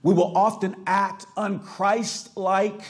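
A man's voice: sits high, flat delivery, takes it slowly. A middle-aged male pastor from the US South with a Californian accent, preaching emphatically and asking the congregation rhetorical questions. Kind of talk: sermon.

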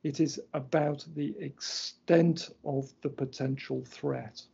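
A middle-aged man giving an academic lecture, explaining slides point by point in a measured, precise way. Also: on the high side, steady tone, vocal fry, darkish tone, slightly rough. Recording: dull lo-fi lecture recording.

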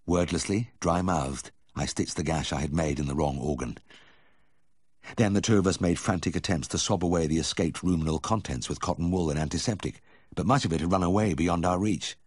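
A man reading a memoir aloud as audiobook narration, telling the story in a measured first-person voice. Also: low voice, a little mellow, husky, dry recording, clean studio sound. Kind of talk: scripted narration.

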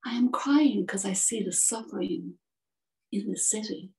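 A woman voicing a sorrowful male prince statue, speaking softly and gently, heard from a distance. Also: medium pitch, measured pace, close to an everyday voice. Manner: soft, hushed and sorrowful. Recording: distant from the mic.

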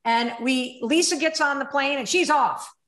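A woman in her fifties from the United States, hosting a podcast with animated, candid storytelling and some swearing. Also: sits high, moderate pace. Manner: animated storytelling, swearing, acts out inner voices. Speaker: podcast host. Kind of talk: candid conversational interview. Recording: roomy echo.

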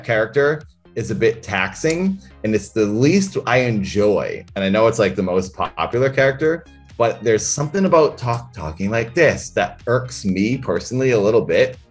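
A man with a notably deep, low-pitched voice chats as an interview guest. He speaks reflectively, thinking out loud as he goes, with faint music sitting under his voice. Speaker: interview guest, comedian and character performer. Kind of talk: casual interview chat.

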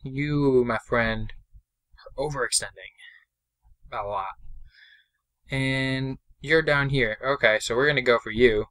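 A young man giving casual, chatty commentary over his own mobile game, excitable and self-deprecating, speaking into a desk mic. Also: mid-range voice, takes it slowly, long pauses, clear, resonant tone. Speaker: gameplay commentator.

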